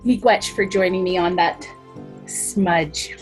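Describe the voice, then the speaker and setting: A woman leading a children's circle time on a video call, talking gently and reassuringly with many ums. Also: on the low side, faint music behind. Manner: slow, soft-spoken and reassuring, with many ums. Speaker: early-years facilitator leading circle time. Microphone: laptop webcam on a video call.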